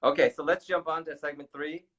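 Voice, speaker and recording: A man co-hosting a casual talk show, chatty and agreeable, quick to laugh along. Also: a little high, fairly even intonation, a bit bright. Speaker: podcast co-host.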